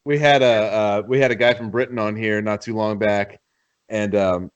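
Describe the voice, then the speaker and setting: A man's voice: fairly low pitch, steady tone, moderate pace, clean tone, lo-fi sound. A man from Ohio hosting a podcast in casual chat, jokey and teasing, laughing often. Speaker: podcast host.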